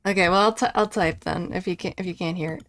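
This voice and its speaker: A woman's voice: on the low side, steady tone, brisk. Chatty woman streaming a game. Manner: chatty, laughs easily, talks to chat. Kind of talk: casual live-stream commentary.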